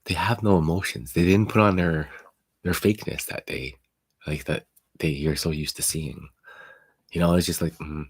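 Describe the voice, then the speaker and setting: A man with an extremely low, husky voice hosts a casual live chat. He talks bluntly and profanely, doubling back over his words like a friend confiding in someone who has been hurt. The sound is close and dry, with no room around it. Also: fairly even intonation, moderate pace, dry recording. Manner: blunt, profane, rambling with many restarts. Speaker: livestream host.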